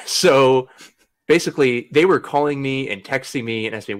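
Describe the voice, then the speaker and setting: Young male podcaster, loose anecdote delivery, frequent laughs and cursing, mid pitch. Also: animated, moderate pace. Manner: rambling, laughs often, swears freely. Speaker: podcast host. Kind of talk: casual storytelling chat.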